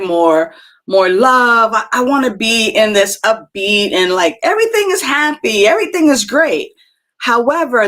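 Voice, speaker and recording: A woman hosting a live spiritual talk show, speaking gently and reflectively with many fillers and restarts as she answers chat comments. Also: a little high.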